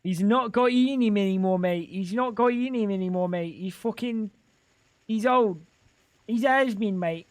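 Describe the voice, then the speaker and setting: A man's voice: high-pitched, moderate pace, few pauses, a little mellow, close to an everyday voice. A man voicing a cheeky British bloke who mocks the streamer, in a put-on British accent. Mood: mocking.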